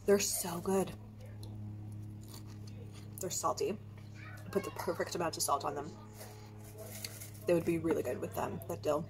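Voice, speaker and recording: A middle-aged woman chatting casually through a home cooking demo, upbeat and thinking out loud with fillers. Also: sits low, fairly even intonation, unhurried, pauses often, soft background music. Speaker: home cook vlogger. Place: home kitchen.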